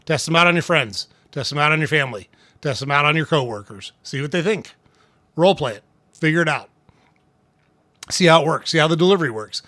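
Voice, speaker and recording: A man hosting a casual tips talk, speaking conversationally, often checking in with "right?" and clearing his throat now and then. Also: on the high side, animated, fairly quick, long pauses, sharp tone, no echo. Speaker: host.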